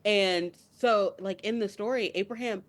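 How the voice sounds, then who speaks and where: A young woman co-hosting a podcast is crying during an intense, casual chat, her emotion building into tearful outbursts. Her voice is medium-pitched and her pace measured.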